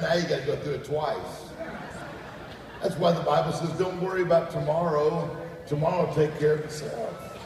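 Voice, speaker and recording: A man's voice: medium pitch, a little mellow, slight background noise. A man preaching a humorous sermon as a guest preacher, cracking jokes and asking the crowd questions. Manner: joking, asks the crowd questions. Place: church sanctuary. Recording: echoey church hall from far off, with crowd.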